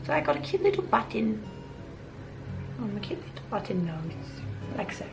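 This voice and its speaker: A woman's voice: on the high side, very animated, normal speed, creaky, music in the background, rough recording. A woman chatting through a makeup tutorial in her bedroom, bubbly and chatty, calling everything little. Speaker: makeup vlogger. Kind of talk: casual tutorial chat.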